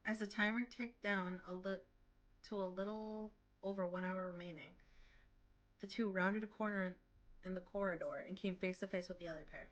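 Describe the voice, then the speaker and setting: A woman's voice: mid-range voice, steady tone, normal speed, dull audio. A young woman streamer reading a visual novel aloud on a live stream, narrating steadily with chatty asides.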